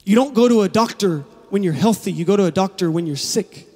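A man preaching a sermon as pastor, building from quiet, low passages to passionate, shouted climaxes. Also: fairly quick. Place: large church hall. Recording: long hall reverb.

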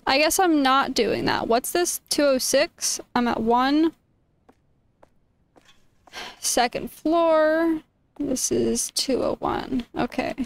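A young woman with a high-pitched, gravelly voice streams a game, chatting casually, reading the game text aloud and exclaiming often. There's no echo on the audio.

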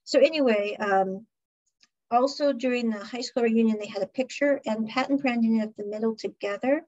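A woman podcast host, chatty and animated, recapping a television drama in a casual way. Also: a little high, normal speed. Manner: chatty, animated retelling with laughs. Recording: dull lo-fi recording.

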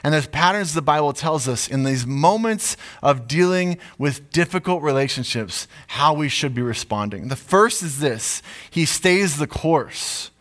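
A man, a pastor, preaching a sermon in an animated storytelling way, acting out asides. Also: on the high side, a little slow, hardly any pauses.

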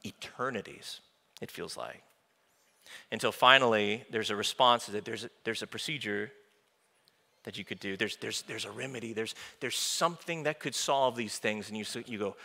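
A male pastor preaching an informal, animated sermon in a church, with joking asides to the congregation. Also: on the low side, normal speed, creaky. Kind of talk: conversational sermon. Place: church sanctuary. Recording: long hall reverb from a church room.

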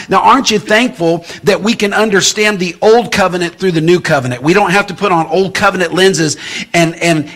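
A man preaching as a guest speaker, animated and conversational, often stumbling over and repeating words as he pushes forward. His voice sits fairly high for a man. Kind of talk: sermon.

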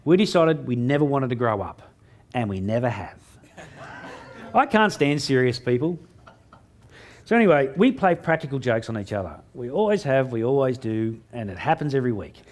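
A middle-aged man giving a humorous keynote on stage before a live audience, joking and mocking himself with quick asides. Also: mid-range voice, very animated. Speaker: motivational speaker.

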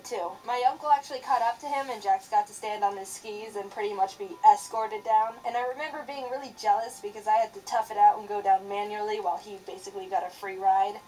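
A young woman animator telling a childhood story in a sarcastic, expressive narration. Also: mid-range voice, far from the mic, a little hiss or hum, rough recording.

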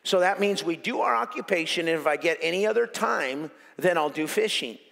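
A little fast, a male pastor delivers a lively, joke-filled sermon, driving points home by repeating phrases. His raspy, gravelly voice sits high for a man and echoes with long reverb through a church hall.

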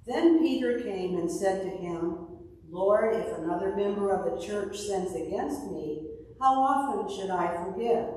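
A woman pastor preaches and reads scripture at a slow, unhurried pace. Her voice comes from a distance, ringing through a large, echoing church hall with a long reverb tail. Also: medium pitch, a little mellow. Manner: slow, measured delivery with a told joke. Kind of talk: scripture reading and sermon. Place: church sanctuary. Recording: distant mic in an echoey hall.

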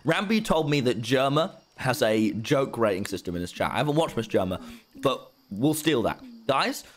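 A man's voice: medium pitch, expressive, moderate pace. A young British man streaming a video game, joking and rambling to his chat. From Britain. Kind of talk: casual gaming livestream.

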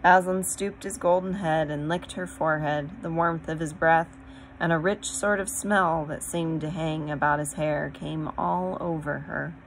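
A woman narrating a children's storybook aloud in a steady, gentle read-aloud manner. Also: low-pitched, measured pace, a little hiss or hum, low-quality recording. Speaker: audiobook reader.

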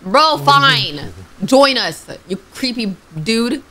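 A woman's voice: on the high side, expressive, slow, bright, forceful tone. A young woman streaming a game, chatting to herself and reading the characters' lines aloud. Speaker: gaming streamer. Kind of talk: playthrough commentary with read-aloud dialogue.

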